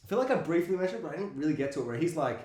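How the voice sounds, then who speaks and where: A man co-hosting a casual movie chat, animated and laughing often as he acts out scenes. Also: on the high side, rapid-fire. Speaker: podcast co-host. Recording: roomy echo.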